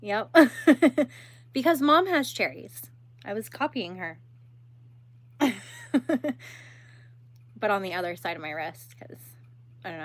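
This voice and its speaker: A woman's voice: fairly low pitch, slight background noise. A young woman hosting a crochet livestream, chatting casually and laughing while she answers viewers and works.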